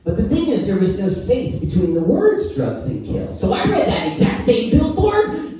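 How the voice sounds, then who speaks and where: A middle-aged stand-up comedian tosses off one-liners and chats with the crowd, his voice jumping wildly up and down. He sounds a little off-mic in a very reverberant club, with music clearly playing behind him. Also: sits high, huge pitch swings, normal speed, few pauses. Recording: echoey room, mic heard from a distance.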